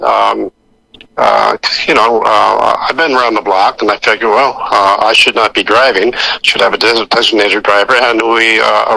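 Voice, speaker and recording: A man's voice: on the low side, creaky, bright, forceful tone, dry recording, poor audio. An older man, an actor guest on a radio interview, telling rambling anecdotes full of restarts and acting out the voices of the people he quotes. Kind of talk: anecdotal storytelling.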